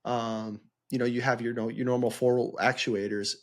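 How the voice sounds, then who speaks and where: A man's voice: mid-range voice, little pitch movement, normal speed. A man co-hosting a casual podcast, talking in a loose, rambling way as he gathers his thoughts. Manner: rambling, many fillers and restarts. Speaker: podcast co-host.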